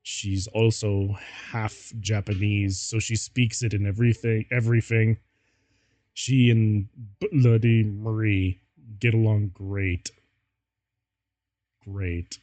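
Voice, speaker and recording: A man's voice: on the low side, flat delivery, takes it slowly, a little mellow, no echo. A man streaming as he reads fan fiction aloud, giggling and breaking up with laughter. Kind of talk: casual comedic reading.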